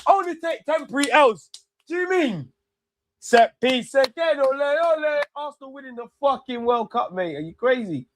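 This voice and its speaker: A man hosting a live football watch-along, ranting excitably and swearing freely into a close mic. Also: very high voice, normal speed, slight background noise.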